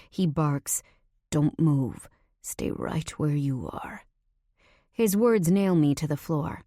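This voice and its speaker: A woman narrating a first-person romance audiobook in an intimate manner, slipping into breathy whispers. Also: low-pitched, mellow, no room sound, studio quality.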